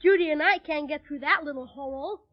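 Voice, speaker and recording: An actress playing an eager, excitable young boy in an old radio drama, bursting into exclamations. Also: high-pitched, brisk, natural voice. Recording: dull old radio recording.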